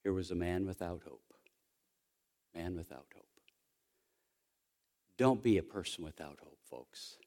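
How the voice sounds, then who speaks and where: A man preaching a sermon, telling a story quietly and then rising into loud, excited preaching. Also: deep voice, measured pace, pauses often. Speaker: pastor.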